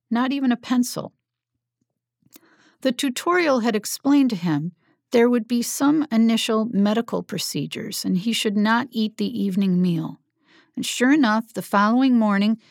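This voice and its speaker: A woman narrating an audiobook in a calm, steady storytelling manner. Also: medium pitch, no echo, clean studio sound.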